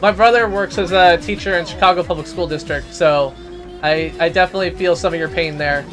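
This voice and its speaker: A man hosting a live game stream, chatting casually and ranting loudly in rambling asides. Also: sits high, fairly quick, music in the background.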